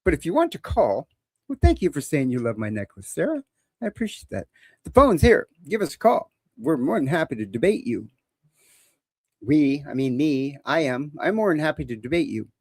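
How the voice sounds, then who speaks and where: A man's voice: a little high, very animated, normal speed, husky, dry recording. A man hosting a live call-in show, talking in a casual, opinionated and joking way.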